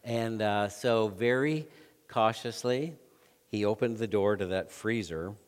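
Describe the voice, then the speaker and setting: A man preaching a sermon as pastor, telling stories with swings from loud to hushed. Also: on the low side, slow pace. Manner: lively storytelling with swings between loud and hushed. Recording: long hall reverb.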